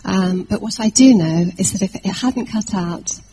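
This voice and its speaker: A woman from England preaching a sermon, telling a personal story in a lively anecdotal way with fillers and restarts. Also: medium pitch, normal speed, slight background noise, low-quality recording.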